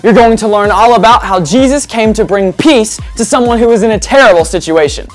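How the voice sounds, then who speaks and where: A woman's voice: fairly high pitch, a little fast, soft background music, lightly acted. A woman playing a frantic adventurer host in a children's church skit, speaking in an exclamatory way.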